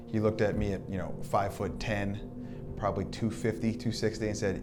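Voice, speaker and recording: Lively storytelling man, lowish voice. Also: moderate pace, music in the background. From Southern California. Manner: lively storyteller who acts out quoted dialogue. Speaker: documentary subject. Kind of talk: reminiscing interview.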